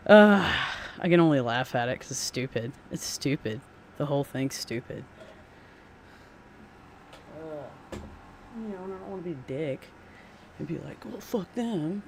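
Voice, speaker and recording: A man's voice: fairly high pitch, a little hiss or hum. A man talking casually to his live-stream audience, rambling and blunt, full of fillers and swearing. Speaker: game streamer.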